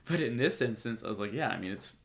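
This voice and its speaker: A man hosts a solo podcast, giving casual, jokey commentary that rambles along with many fillers and restarts. His medium-pitched voice has lively intonation and a fast pace.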